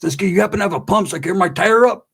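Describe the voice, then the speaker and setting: A man doing a pushy old homeboy, scrounging, slangy street talk, higher voice, raised a bit. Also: lively intonation, rapid-fire, gravelly, a bit bright, husky, heavily acted. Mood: wheedling.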